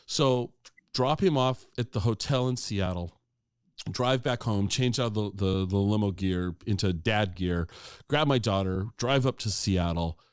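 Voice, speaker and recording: On the low side, with a clear, resonant tone, a middle-aged man tells a long story in a casual, conversational way, full of fillers and restarts. He animatedly acts out the quoted dialogue as he goes. The recording is dry and studio quality.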